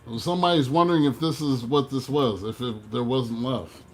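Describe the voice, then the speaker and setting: A man giving a casual tarot reading, animated, swearing and talking to himself. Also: medium pitch, normal speed. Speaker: tarot reader.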